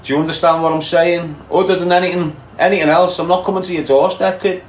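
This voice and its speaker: A man's voice: a little high, steady tone, fast talker. Scouse male streamer, blunt and streetwise, in an echoey room with faint background noise. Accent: Liverpool (Scouse). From Liverpool, England. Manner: blunt, streetwise, addresses chat as mate and lad. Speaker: livestream host answering viewer comments. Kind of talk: casual livestream chat.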